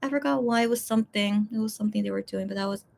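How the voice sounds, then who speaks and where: A woman's voice: medium pitch, very fast, vocal fry, darkish tone. A young woman hosting a casual livestream, rambling and hesitant with many fillers, emotional and close to tears. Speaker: livestream host reading fan messages.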